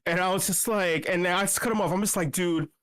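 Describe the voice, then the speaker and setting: A man's voice: brisk, clear, resonant tone. A man telling a rambling bar story in a casual chat, swearing often, stumbling over restarts and acting out what people said. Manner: animated, profane, many restarts and fillers; acts out quoted speech with big pitch jumps. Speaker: meetup regular telling a story.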